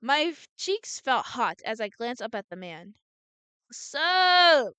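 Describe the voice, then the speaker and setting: A woman's voice: fairly high pitch, big pitch swings, normal speed, fairly bright tone, clear, resonant tone, no echo. Woman reading a visual novel aloud. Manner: reads all characters in her own voice, frequent restarts. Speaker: gameplay streamer.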